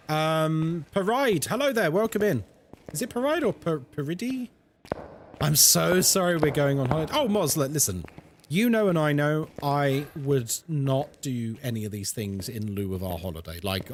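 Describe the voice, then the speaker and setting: A young man streaming a horror game, chatting with his viewers in a jokey, animated way. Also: a little high, a little hiss or hum. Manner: animated and chatty, reads chat aloud, jokey asides. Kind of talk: casual live-stream chat while gaming.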